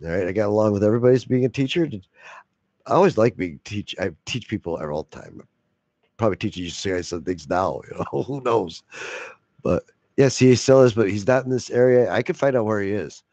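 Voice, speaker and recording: A man's voice: lowish voice, expressive, a little fast, a little mellow, no echo, muffled recording. A man telling a long profane story in a casual way, laughing often and acting out the other voices. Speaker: video blogger.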